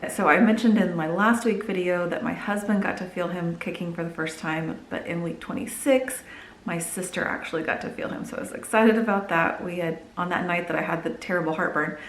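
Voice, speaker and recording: A young woman tells stories to her camera in an easy, chatty way, her voice sitting a little low. She grows lively when she acts out what people said. The sound carries the echo of a bare room. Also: a little hiss or hum. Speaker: vlogger. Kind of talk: casual chat to camera. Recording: echoey room.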